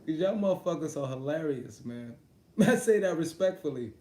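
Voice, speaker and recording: A man's voice: a little high, expressive, moderate pace, warm tone. Profane laughing man streaming in a roomy echo. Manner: profane, laughing, talks straight to viewers. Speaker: sports talk streamer. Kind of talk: casual livestream chat about boxing.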